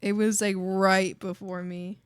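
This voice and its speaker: A woman's voice: mid-range voice, a little slow, clean tone, no room sound, studio quality. A woman in her thirties chatting casually and playfully while drawing on a stream, laughing often. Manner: giggly, playful, animated.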